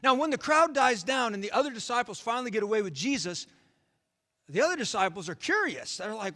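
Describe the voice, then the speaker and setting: A man's voice: extremely high pitch, sing-song, a little fast, pushed and bright, long reverb tail. A man, a pastor preaching a sermon in a folksy storytelling manner with rhetorical questions. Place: church sanctuary.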